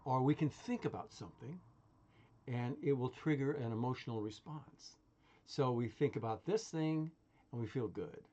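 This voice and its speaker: A man's voice: medium pitch, normal speed, warm tone, highs cut off. A man talking in a casual, rambling monologue, full of swearing, laughter and restarts. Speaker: vlogger.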